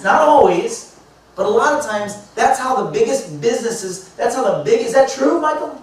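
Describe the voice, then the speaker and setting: A man's voice: very high-pitched, normal speed. Man telling a story in an echoey hall. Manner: lively, acts out dialogue in the story. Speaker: motivational speaker. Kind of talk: storytelling talk to a live audience. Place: large indoor hall. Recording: echoey hall picked up from far off.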